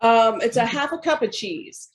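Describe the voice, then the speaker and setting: A woman's voice: a little high, animated, normal speed, poor audio. A woman sharing her recipes in a casual cooking chat, speaking plainly with some hesitation.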